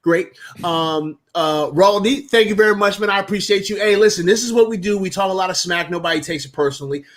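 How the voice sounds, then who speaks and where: A man from New Jersey, a guest sports streamer on a video call, joking with relaxed trash talk. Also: sits high, a little fast.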